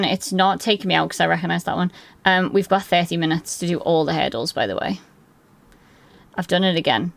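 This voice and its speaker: A young woman live-streaming, chatting excitably and rambling while she plays, swearing freely. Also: on the low side, creaky. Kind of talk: casual live-stream chat while gaming.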